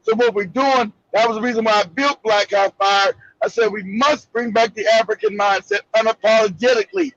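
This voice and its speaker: An American man hosting a live discussion, telling a story with passion. He is emphatic and profane, often shouts, and laughs through his stories over a video call. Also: sits high, a little fast, few pauses, no echo, highs cut off. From United States. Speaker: show host.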